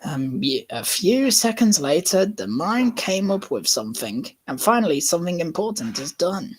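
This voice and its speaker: A man's voice: high-pitched, slightly rough. A man reading a garbled storybook aloud for laughs, chuckling at the odd wording. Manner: slow, lively reading with bursts of laughter. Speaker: YouTuber reading a comic mistranslation. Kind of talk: comedic storybook narration.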